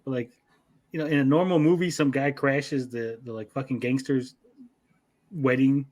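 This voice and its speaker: A man co-hosting an anime review chat, retelling scenes in a lively, profane way with mock voices. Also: medium pitch, moderate pace. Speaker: podcast co-host.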